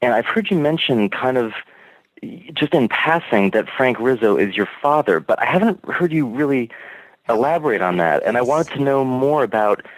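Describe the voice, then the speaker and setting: A man's voice: mid-range voice, animated, normal speed, no echo, rough recording. A man calling in to a podcast, chatty and eager, asking long questions full of fillers. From Alexandria, Virginia, USA. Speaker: caller. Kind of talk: casual call-in chat.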